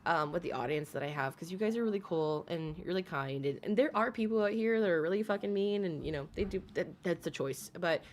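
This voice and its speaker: A woman's voice: on the low side, expressive, fairly quick, few pauses, slight background noise. A woman streamer in casual livestream chat, bubbly and giggly, gushing over her viewers. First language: English.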